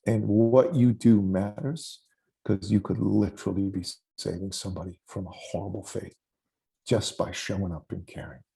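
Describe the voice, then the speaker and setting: Man, 40s, podcast guest, gravelly, slightly raspy, animated storytelling. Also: deep voice, normal speed. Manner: animated storyteller who acts out quoted voices. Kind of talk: storytelling in a conversational interview.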